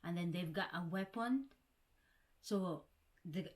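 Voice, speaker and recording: A Filipino woman vlogger with a lowish voice chats slowly and casually to the camera from her home in the Scottish Highlands. She calls her viewers "guys" and often restarts words.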